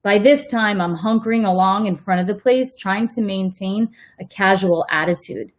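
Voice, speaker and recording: A woman's voice: medium pitch, normal speed. A woman who works as a teacher, reading a novel aloud at bedtime and breaking off for chatty, self-correcting asides. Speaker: read-aloud host, teacher.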